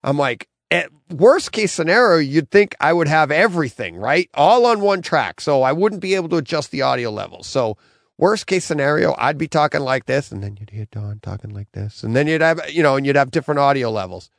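Middle-aged male podcast host, gravelly, dry close sound, rambling casual storyteller. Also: fairly high pitch, animated, brisk, no echo. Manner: rambling storyteller, acts out his own quotes.

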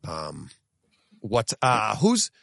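A man's voice: on the low side, very slow, creaky, no room sound, studio quality. A man co-hosting a podcast, chatting casually and telling stories with plenty of laughs and restarts. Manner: animated storytelling with laughs and restarts. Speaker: podcast co-host. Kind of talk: casual chat.

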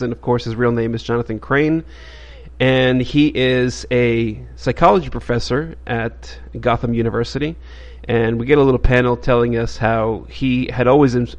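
A man's voice: mid-range voice, steady tone, normal speed. A man hosting a podcast, casually retelling a comic book story in a rambling way with frequent fillers. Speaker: podcast host.

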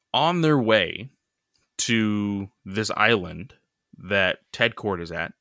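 A man's voice: fairly low pitch, sharp tone, no echo, clean studio sound. A man co-hosting a podcast, recapping a comic in loose casual chat full of fillers. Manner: loose, filler-heavy retelling with many "you know" and "like".

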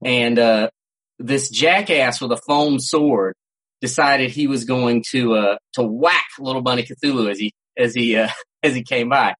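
A man's voice: mid-range voice, unhurried, a bit bright, husky, rough recording. A man co-hosting a casual podcast, telling stories in a rambling way with frequent restarts. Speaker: podcast co-host. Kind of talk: casual chat. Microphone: home setup, cat nearby.

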